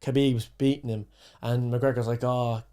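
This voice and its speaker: A young man co-hosting a podcast, chatting casually and eagerly jumping in with his opinions. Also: mid-range voice. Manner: animated, quick to jump in with opinions. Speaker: podcast co-host. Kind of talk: casual chat.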